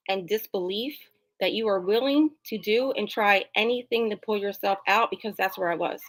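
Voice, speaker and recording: A middle-aged woman from New Jersey, a talk show guest, telling her personal story in an animated, emphatic way. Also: medium pitch, moderate pace, low-quality recording. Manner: animated, emphatic, acts out dialogue. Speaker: interview guest.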